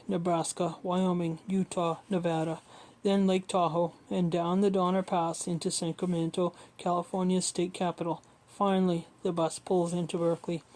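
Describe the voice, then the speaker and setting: A woman reads a memoir aloud at home in a level, even tone, her voice sitting a little low and sounding mellow. She reads steadily but often trips over a word and goes back to fix it. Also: rough recording. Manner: steady reading with frequent slips and self-corrections. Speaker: audiobook reader.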